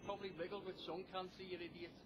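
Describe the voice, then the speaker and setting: English man, high voice, taunting, repetitive, game voice chat, steady background noise. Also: rapid-fire, highs cut off. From England. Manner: taunting, repeats himself. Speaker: online game player. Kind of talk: trash-talking game voice chat. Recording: noisy game chat line.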